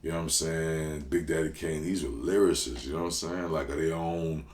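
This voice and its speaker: A very deep-voiced rapper from New Orleans tells stories as a guest in a relaxed, casual interview. His slangy, animated talk leaps up in quick bursts of excitement, and the room adds a noticeable echo.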